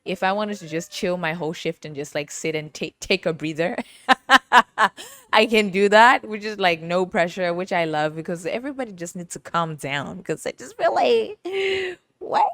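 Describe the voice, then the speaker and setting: A woman's voice: on the low side, brisk, hardly any pauses, fairly bright tone, no echo. A woman hosting a podcast, telling stories in a casual, chatty way, laughing often and playfully teasing. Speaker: podcast host. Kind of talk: casual storytelling monologue.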